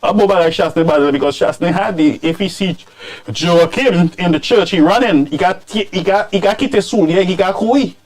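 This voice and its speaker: High-voiced man mocking politicians. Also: moderate pace. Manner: animated, scolding, mixes in Creole phrases. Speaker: commentary show host.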